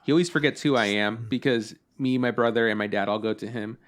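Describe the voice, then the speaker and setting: Young male podcast co-host, animated storyteller, casual and profane. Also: mid-range voice, a little fast. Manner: animated storytelling, acts out both sides of conversations; swears casually. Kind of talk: casual chat.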